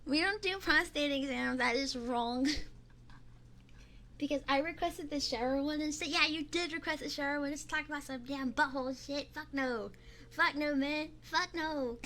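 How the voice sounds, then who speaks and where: A young woman streamer chatting casually on a binaural microphone, excitable, laughing and swearing as she pleads with her chat. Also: sits high, moderate pace, a little hiss or hum. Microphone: binaural ASMR microphone.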